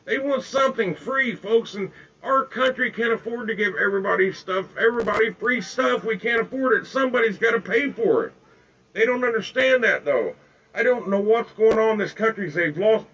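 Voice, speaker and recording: An older man ranting angrily on a live phone video outdoors in the bright sun, repeating himself and calling out to "folks". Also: sits high, muffled recording. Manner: heated, repetitive, keeps calling out "folks". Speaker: livestreamer. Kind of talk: angry live-video rant.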